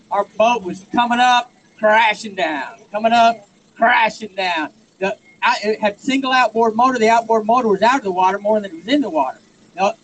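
A man with a Texan accent spins a joking, rambling tale from an outdoor stage. His voice sits high for a man. A faint hum of noise runs under his handheld mic. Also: a bit bright, rough recording. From Texas. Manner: joking, drawn-out storyteller. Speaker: rally speaker. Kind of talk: folksy storytelling.

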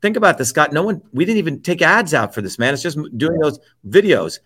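A man who is a guest on an interview show, delivering a heated political rant that is profane, forceful and repetitive. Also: on the high side, expressive, fairly quick, slightly rough.

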